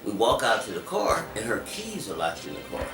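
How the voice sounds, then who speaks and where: A man telling his life story in an interview, animated and acting out other people's voices as he talks. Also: on the low side, fairly quick. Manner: animated, acts out voices in quotes. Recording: echoey room, distant mic, music behind.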